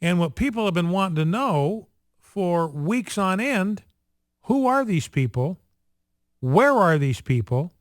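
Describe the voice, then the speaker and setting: Man, talk radio host, opinionated commentary, slightly high voice, dry studio sound. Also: very animated, slow pace, dry recording. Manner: opinionated, many fillers and restarts.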